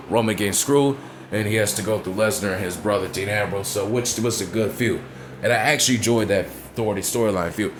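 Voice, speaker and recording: There's a little hiss or hum under this man's lowish voice. A wrestling commentator vlogger, he gives a casual opinion rant full of blunt profanity and frequent checks on whether you know what he's saying.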